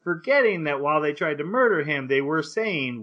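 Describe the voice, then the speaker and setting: A podcast host casually recaps an anime, animatedly acting out the characters' lines as he goes. His voice is on the high side at a moderate pace, and the recording sounds muffled.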